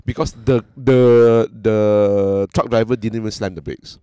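A man's voice: fairly low pitch, a little slow, smooth, dry recording. A man with a Malaysian English accent, telling stories animatedly in a casual chat with a friend. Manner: animated storytelling, lots of laughing.

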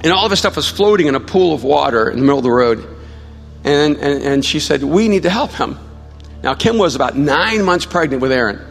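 Pastor telling a story in a reverberant hall. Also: male voice, a little high, lively intonation, a little fast, vocal fry. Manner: storytelling, self-mocking humor, then quiet prayerful appeal. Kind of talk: sermon. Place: large church hall. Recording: live church hall with long reverb and soft music.

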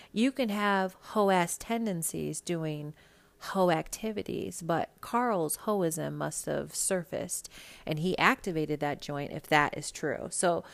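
Low gravelly woman dishing gossip on her podcast, blunt and sassy, cusses a lot, from minnesota. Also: measured pace. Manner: blunt, sassy, swears freely. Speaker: podcast host. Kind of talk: casual celebrity gossip monologue.

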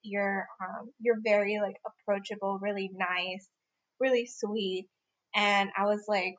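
A young woman co-hosting a casual podcast, chatting warmly about a friend, rambling with many fillers and restarts. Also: medium pitch, steady tone, a little slow, lo-fi sound. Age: young adult. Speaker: podcast co-host. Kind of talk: casual chat among friends.

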